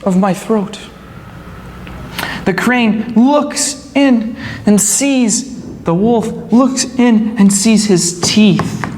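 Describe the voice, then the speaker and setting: A woman teacher tells a story to young English learners very slowly, repeating and explaining each word. Her voice rings through a large hall with a long reverb tail, over a faint hum of background ambience. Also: fairly high pitch, a little mellow.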